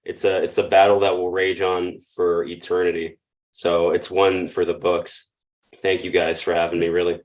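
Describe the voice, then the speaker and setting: Low-voiced earnest male podcast guest. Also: flat delivery, moderate pace. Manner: earnest, enthusiastic. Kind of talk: casual podcast chat.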